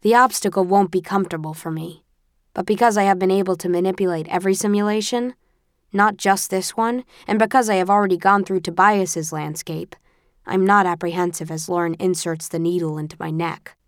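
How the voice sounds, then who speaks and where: A woman narrating a first-person audiobook with a tense, expressive storytelling manner. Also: on the low side, fairly quick, no echo, studio quality.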